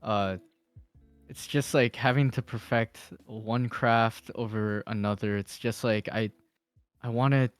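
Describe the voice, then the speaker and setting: A man's voice: lowish voice, fairly even intonation, unhurried, no room sound, soft background music. A man talking as a podcast guest in casual chat, rambling with fillers and restarts and laughing often. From Philippines.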